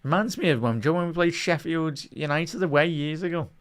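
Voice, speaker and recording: Excitable high-voiced male fan commentator. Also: a little fast. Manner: excitable, swings from muttering to shouting at the referee. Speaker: watch-along match commentator. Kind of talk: live fan watch-along commentary.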